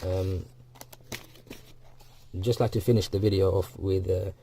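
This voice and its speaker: A man explaining a textbook dialogue step by step, repeating each phrase and filling pauses with ums. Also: deep voice, fairly even intonation, vocal fry, warm tone, a little hiss or hum. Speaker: Arabic teacher. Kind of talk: recorded textbook lesson.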